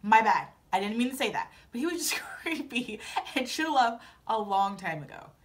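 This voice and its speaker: A young woman with a somewhat high, animated voice casually recaps a reality TV episode at a moderate pace. She's chatty and dramatic, tossing in asides and playfully acting out her own reactions as a recap vlogger.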